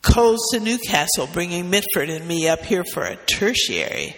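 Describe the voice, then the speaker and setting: A man voicing a gruff, grumbling senior medical specialist. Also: sits high, lively intonation, normal speed, a bit bright, in a large hall. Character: grumbling older male specialist.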